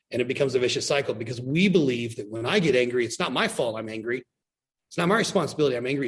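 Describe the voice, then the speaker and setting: A man, a restaurant owner, talking in a casual podcast conversation, opinionated and given to acting out little quotes. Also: medium pitch. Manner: opinionated, mixes in acted quotes.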